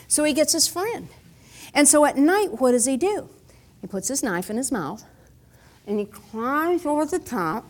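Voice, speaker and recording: An animated woman with a high voice teaches a Bible lesson using props, her pitch swooping widely as she acts out scenes a little slowly. She keeps things playful with chuckling asides.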